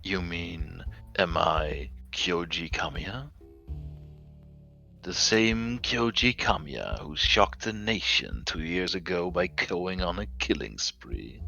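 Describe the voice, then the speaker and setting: Sadistic game killer, gloating and low-voiced, a man putting him on, dull lo-fi sound. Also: gravelly, pushed and bright, full character voice. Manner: slow, gloating and menacing. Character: smug adult male serial killer, sadistic.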